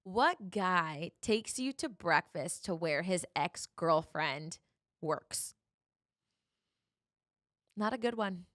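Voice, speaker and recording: A young woman hosting a solo podcast, telling a personal dating story in a chatty, animated way and acting out the dialogue. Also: fairly low pitch, takes it slowly, long pauses, no room sound, studio quality. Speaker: podcast host.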